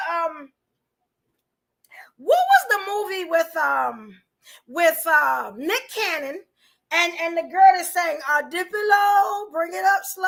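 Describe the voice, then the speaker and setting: A woman's voice: extremely high pitch, sharp tone. A woman hosting a livestream, chatting casually with viewers, full of rhetorical questions and fillers. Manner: chatty, addresses chat viewers directly. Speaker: podcast host.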